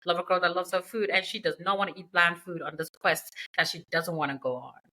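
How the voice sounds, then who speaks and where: A woman's voice: fairly low pitch, fairly even intonation, a little fast, sharp tone, rough recording. A woman hosting a podcast, retelling a book's plot in a chatty, slangy way with asides. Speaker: podcast host. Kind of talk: casual book recap.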